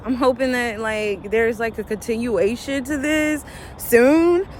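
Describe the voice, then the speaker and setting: Woman vlogger, casual recap, fairly high voice, big emotional swings, traffic audible. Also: unhurried. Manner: animated and emotional, swings from shrieks to murmurs. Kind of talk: casual chatty episode recap. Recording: steady background traffic noise.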